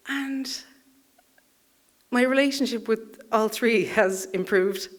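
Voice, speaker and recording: A woman's voice: medium pitch, normal speed. A woman telling a personal story live on a theatre stage, in a wry, self-deprecating way, chuckling through her lines.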